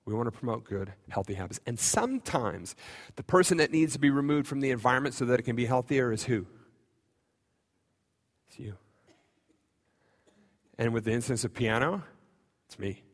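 Male pastor, mid-pitched, chatty sermon style with jokes at his own expense, echoing church hall. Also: expressive, normal speed, pauses often. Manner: conversational, self-deprecating humor. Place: church sanctuary. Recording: long reverb of a church hall.

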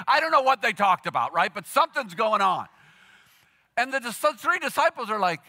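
A male pastor delivers a sermon as a casual, animated story, often slipping into the voices of his characters. His voice is bright and forceful. His pitch rides high and swoops widely from phrase to phrase. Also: a little fast. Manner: animated, conversational storytelling with acted quotes.

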